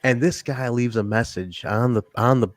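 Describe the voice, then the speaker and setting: A man co-hosting a casual wrestling review podcast, animated and profane, laughing often. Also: medium pitch, moderate pace. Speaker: podcast co-host.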